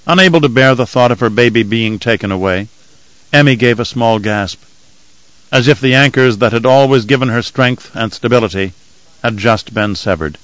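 A man's voice: medium pitch, no room sound, rough recording. Man narrating, dry close studio sound. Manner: steady, measured storytelling. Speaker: audiobook narrator. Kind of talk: scripted narration.

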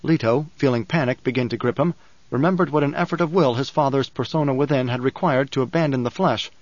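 A man narrating an audiobook in a measured, dramatic reading style. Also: mid-range voice, no echo. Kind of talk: scripted narration. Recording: dull, dry recording.

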